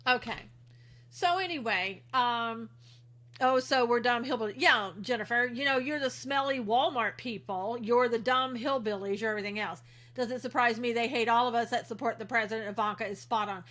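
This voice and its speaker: Bright-voiced woman livestream host. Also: a little high, moderate pace. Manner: chatty, indignant, greets viewers by name and reads comments aloud. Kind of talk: casual commentary reading viewer chat.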